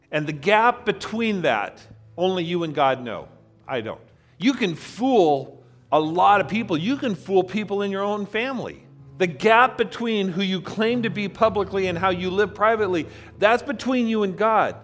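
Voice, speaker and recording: A man preaching a sermon, earnest and emphatic, building on repeated phrases. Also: on the high side. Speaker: pastor.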